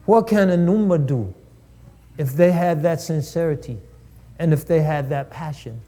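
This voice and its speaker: A man's voice: on the high side, moderate pace, warm tone. A man giving a preaching lecture at a live-streamed event, building rhetorical lists and repeating phrases for emphasis.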